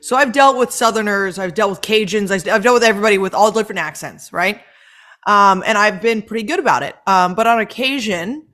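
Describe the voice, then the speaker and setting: A woman from North Dakota hosting a podcast, telling a story in casual roundtable chat with lively, swearing delivery. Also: mid-range voice. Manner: animated storytelling, swears freely. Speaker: podcast host.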